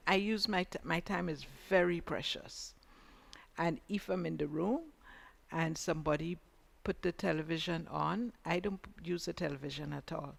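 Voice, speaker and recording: A woman's voice: sits low, creaky. A woman with a Grenadian accent co-hosting a radio talk show, giving frank, emphatic opinions. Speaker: radio co-host.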